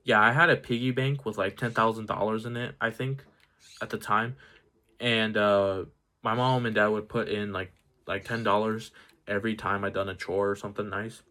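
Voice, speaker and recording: A man's voice: fairly low pitch, bright, forceful tone. A young man telling a personal story in a casual, rambling way, full of "like" and "dude". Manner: rambling, filler-heavy, says "like" and "dude" a lot. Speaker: vlogger.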